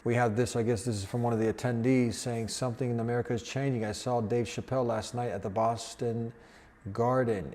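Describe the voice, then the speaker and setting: Male host, mellow dark voice, earnest commentary on news. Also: mid-range voice. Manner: earnest, preaching tone.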